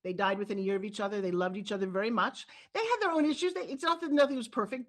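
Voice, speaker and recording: A middle-aged woman from New York with a New York accent, telling stories as an animated, emphatic interview guest. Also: medium pitch. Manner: animated storyteller, lively and emphatic. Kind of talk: candid interview talk.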